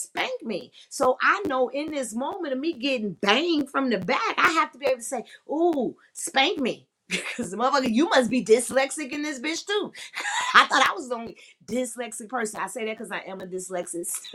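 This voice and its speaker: A woman's voice: high voice, a bit bright. A woman hosting a sex-talk podcast, speaking frankly and profanely and laughing often. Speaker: podcast host.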